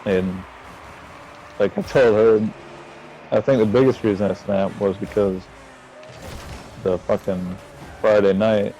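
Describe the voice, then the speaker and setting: A man's voice: lowish voice, slow, pauses often, soft background music, rough recording. A man casually telling a profane story about an argument at a bar, acting out what others said in raised voices. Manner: animated, profane, acts out quotes in raised voices.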